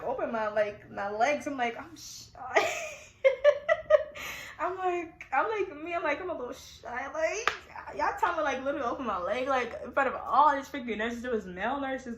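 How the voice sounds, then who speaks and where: A teenage girl telling her own story in a chatty, animated way, with many fillers. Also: high-pitched, roomy sound, low-quality recording. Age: teens. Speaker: vlogger. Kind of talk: casual storytime.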